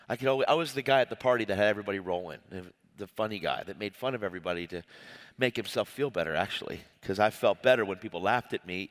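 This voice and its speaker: Guy preaching his testimony in a big hall, long echo, gets worked up, keeps restarting lines. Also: fairly low pitch. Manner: animated, emotional storytelling with many restarts. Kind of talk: personal testimony sermon.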